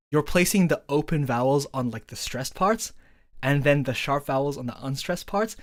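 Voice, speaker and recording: A woman talking casually through how her song is written, enthusiastic and full of fillers, now and then singing short vowel patterns to show a rhythm. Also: low-pitched. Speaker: songwriter explaining her song. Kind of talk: casual breakdown stream.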